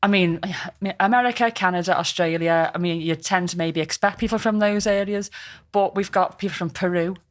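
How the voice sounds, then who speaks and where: A woman's voice: on the low side, brisk, hardly any pauses. A woman from Liverpool with a Scouse accent, co-hosting a podcast in casual, chatty talk full of local slang and frequent laughter. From Liverpool, England. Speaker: podcast co-host. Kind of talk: casual chat.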